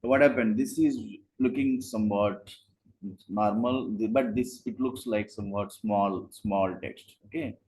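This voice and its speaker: A man's voice: lowish voice, measured pace, a little mellow, low-quality recording. A man teaching a live online coding class, explaining in short steps and asking rhetorical questions. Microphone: video call.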